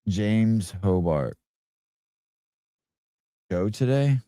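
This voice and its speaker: A man's voice: lowish voice, expressive, drawn-out words, mellow, smooth, no room sound, studio quality. A man hosting a podcast in casual chat, speaking offhand and muttering to himself as he reads comments. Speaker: podcast host.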